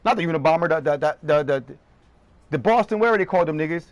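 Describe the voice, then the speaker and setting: A man streaming live, ranting heatedly and profanely in quick bursts. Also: fairly high pitch, no echo, dull audio.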